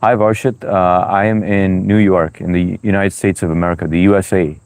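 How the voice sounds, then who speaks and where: A man's voice: low voice, little pitch movement, normal speed, darkish tone, clear, resonant tone, dry recording. A man hosting a livestream in a loose, chatty way, reading viewer comments aloud with lots of "uh" and "you know". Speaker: livestream host.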